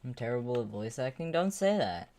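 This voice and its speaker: Speaking a little fast in an extremely low, warm, sing-song voice, a woman streamer chats casually on her livestream. She rambles, swears, and talks to herself while tinkering with her gear.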